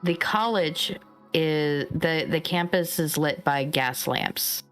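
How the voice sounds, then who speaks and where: A woman narrating as game master of a tabletop game, relaxed and rambling with many fillers. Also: low voice, slow pace, faint music behind.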